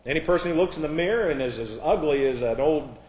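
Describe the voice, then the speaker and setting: A man's voice: a little high, lively intonation, quick pace, darkish tone, echoey room. A man preaching a sermon from a pulpit, fervent and emphatic, often restarting and repeating words. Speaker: pastor. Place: church, at a pulpit.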